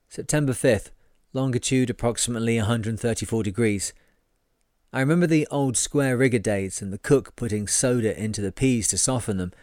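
A man reading a sailing memoir aloud in a measured, wry first-person delivery. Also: medium pitch, a little mellow, dry recording, studio quality. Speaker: reader.

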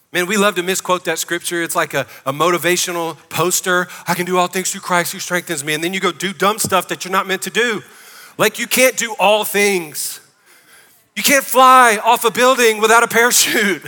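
A man preaches to his congregation, emphatic and often calling out to them for a response. His voice is forceful and bright, sitting a little high. The sound carries the long reverb of a church sanctuary. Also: moderate pace. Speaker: pastor. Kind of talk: sermon.

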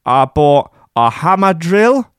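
A man voicing a whiny, boastful male DJ in a high, strained, nasal whine, in a dry room. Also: sing-song, slow, clear, resonant tone, no room sound.

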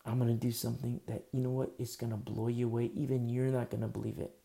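A man voicing the Lord as a calm male deity, speaking quietly and confidingly. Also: medium pitch, quick pace, vocal fry, lightly acted.

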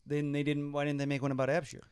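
A man's voice: on the high side, completely flat delivery, a little mellow, clean tone, dry recording, clean studio sound. A man co-hosting a podcast in casual chat, asking many questions and talking with many "like"s. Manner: inquisitive, quick, talks with many "like"s. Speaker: podcast co-host.

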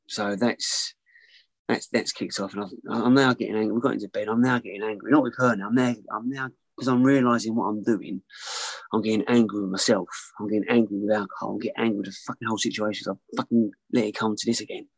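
A man's voice: on the low side, steady tone, brisk, dry recording, rough recording. A man telling a candid personal story as an interview guest, rambling, repeating himself and swearing freely.

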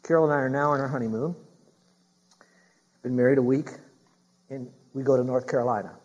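A man's voice: medium pitch, fairly even intonation, a little fast, darkish tone, muffled recording. A middle-aged man preaching a sermon as a pastor. He speaks emphatically, repeats his key phrases and puts questions straight to the congregation.

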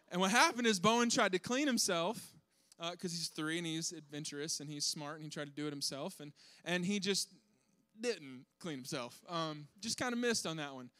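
A young man telling a funny family story to an audience, animated and self-deprecating, acting out his kids' voices. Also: fairly high pitch, normal speed, no room sound.

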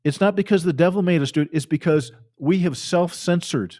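A man's voice: on the high side, brisk, a little mellow. A man preaching a fiery sermon, fervent and emphatic, repeating phrases for force.

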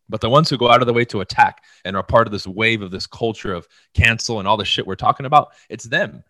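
A man talking in a casual podcast with a bright, forceful tone and a dry, close sound. He is blunt and swears freely, and he keeps acting out little scenes. His pitch sits in the middle. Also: no echo. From United States. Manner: blunt, profane, animated storytelling. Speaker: podcast co-host.

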